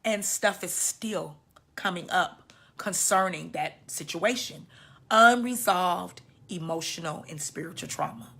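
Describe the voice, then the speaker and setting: A woman in her fifties giving a personal testimony, emotional and halting, her voice often dropping soft and low. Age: 50s. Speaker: women's healing teacher sharing her story.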